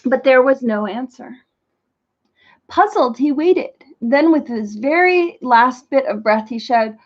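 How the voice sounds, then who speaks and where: A woman reading a children's story aloud in an expressive storytelling manner. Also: high voice, takes it slowly. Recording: muffled lo-fi recording.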